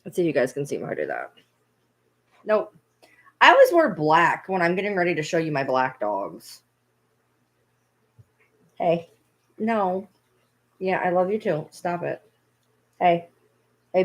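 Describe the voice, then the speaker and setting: A woman's voice: lowish voice, sing-song, a little slow, pauses often. A woman vlogging casually at home, playfully scolding her dogs in a baby-talk tone. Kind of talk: casual vlog chat.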